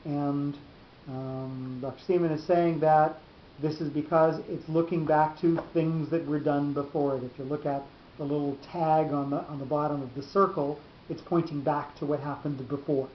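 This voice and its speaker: A man teaching a Torah class in a deliberate, halting explanatory lecture, often restarting his phrases. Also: little pitch movement. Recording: roomy, dull lo-fi recording with faint rumble.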